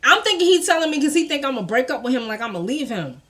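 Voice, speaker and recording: A woman telling a personal story to her viewers in a casual storytime vlog, animated and expressive, swearing freely. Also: sits high, quick pace.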